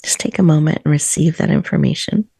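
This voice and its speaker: Woman leading a breathing meditation on a video call, gentle, a little gravelly. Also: low voice, dry recording, studio quality. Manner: soft, slow, soothing guidance. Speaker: host. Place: virtual room, video call.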